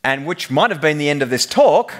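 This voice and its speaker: A man's voice: fairly high pitch, expressive, brisk. A man giving a humorous technical conference presentation, telling the story like a joking storyteller. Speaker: conference speaker.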